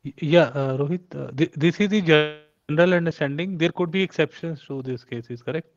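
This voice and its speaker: Gravelly, hesitant male student, muffled. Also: fairly high pitch, brisk, music in the background. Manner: hesitant, with restarts and fillers. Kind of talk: asking a question in class.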